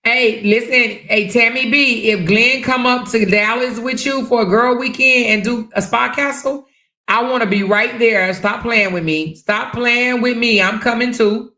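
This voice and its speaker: A woman hosting a livestream, chatting casually and reading viewer comments, loud and animated when she tells stories and swears freely. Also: a little high, unhurried, reverberant. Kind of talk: casual chat.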